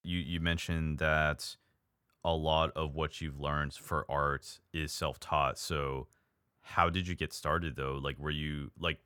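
A man's voice: extremely low pitch, level tone, takes it slowly, sharp tone, clean tone, dry recording, clean studio sound. A man hosting a podcast interview, asking rambling questions full of fillers and slang. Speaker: podcast host. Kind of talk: casual interview chat.

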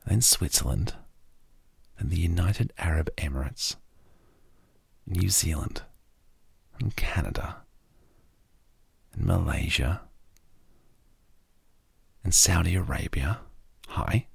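An Australian man hosting a sleep podcast, talking slowly and softly, often dropping to a half-whisper. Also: sits low, expressive, creaky, slightly rough, no room sound. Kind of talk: soft-spoken sleep podcast talk.

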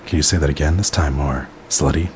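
A bossy woman wrestler barking orders, read by a man in his own very low voice. The commands come curt and growled, with faint noise behind. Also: steady tone, a little fast, a little mellow. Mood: commanding.

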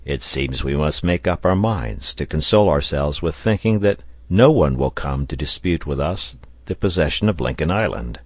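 Male narrator as doubting reporter, dropped low delivery, dry sound. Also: lively intonation, moderate pace, hardly any pauses, darkish tone, dry recording. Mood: doubtful. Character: skeptical male reporter castaway.

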